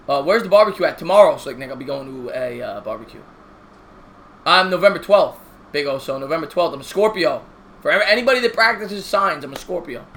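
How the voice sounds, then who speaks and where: Streaming live, this man in his 30s gives casual baseball play-by-play, joking around and reading out viewer comments. He talks fast and expressively in a fairly bright voice on the high side.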